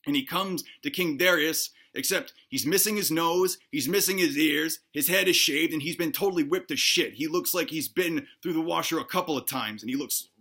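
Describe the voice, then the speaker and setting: A man's voice: on the high side, normal speed, few pauses, sharp tone, breathy edge. A man retelling an ancient history story in a casual, profane, joking way, briefly putting on voices for the figures he quotes. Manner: profane, irreverent, mocking the listener.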